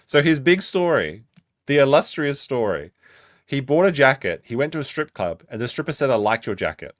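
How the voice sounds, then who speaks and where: A man's voice: mid-range voice, sing-song, moderate pace, no room sound, clean studio sound. A man doing reaction commentary on a stream, mocking and sardonic as he picks apart a clip.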